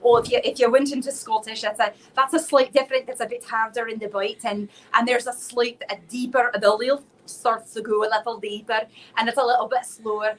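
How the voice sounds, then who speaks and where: A woman's voice: fairly high pitch, fairly even intonation, fairly quick, hardly any pauses, slight background noise, rough recording. A woman from South Florida, a singer and instructor, talking animatedly and playfully as a guest in a casual interview.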